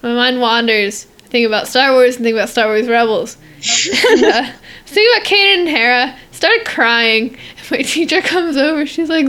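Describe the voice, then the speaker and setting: A teenage girl co-hosts a podcast in a high-pitched, fairly bright voice at a moderate pace. She chats casually and rambles, with lots of fillers and giggles.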